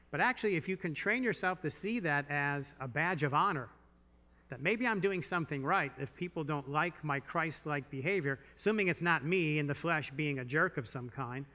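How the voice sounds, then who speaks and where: A man's voice: a little high, sharp tone. A man preaching a sermon as pastor, conversational and full of rhetorical questions, in a church. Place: church sanctuary. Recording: long church hall reverb.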